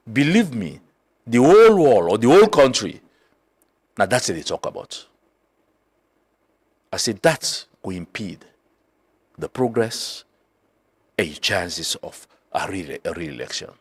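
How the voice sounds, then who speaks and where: A middle-aged man from Sierra Leone with a Krio accent, a political guest telling a story in an animated way, mixing Krio and English. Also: lowish voice. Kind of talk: political talk show discussion.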